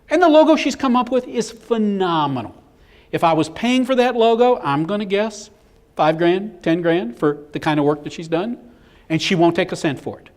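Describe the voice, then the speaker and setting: Animated man telling business stories. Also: high-pitched, normal speed. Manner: animated storyteller acting out quotes. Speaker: business speaker. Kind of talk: live seminar presentation.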